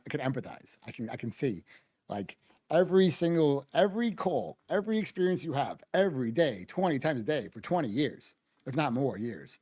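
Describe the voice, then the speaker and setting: Close to the mic on a dry recording, a man with a mid-range voice streams his reaction to a video. He rants casually and heatedly, arguing, swearing a lot, and restarting often.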